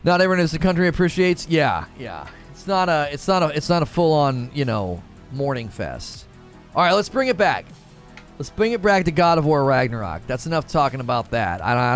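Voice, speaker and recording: Animated American man hosting a stream. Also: mid-range voice. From United States. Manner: animated, laughs often, quick restarts. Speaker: streamer host reading chat. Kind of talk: casual live stream chat. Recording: faint music behind.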